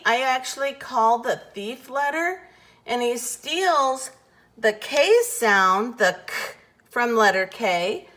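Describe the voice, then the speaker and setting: A woman teaching letter sounds in a slow, patient phonics lesson, carefully over-enunciating each sound. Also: on the high side, pushed and bright.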